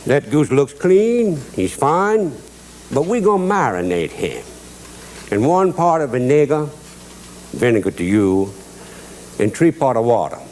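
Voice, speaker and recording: A man's voice: medium pitch, big pitch swings, unhurried, long pauses, a little mellow, slight background noise. Folksy Cajun man drawling through a recipe. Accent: Cajun Louisiana. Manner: drawling, joking, chuckles at his own jokes. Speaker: cooking show host. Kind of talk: folksy cooking demonstration with storytelling.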